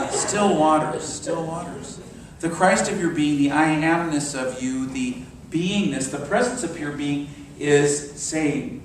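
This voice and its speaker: A man in his sixties preaching a sermon, telling stories and dropping to soft meditative tones. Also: a little high, takes it slowly, a crowd in the background. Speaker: minister. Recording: very echoey hall, mic far off.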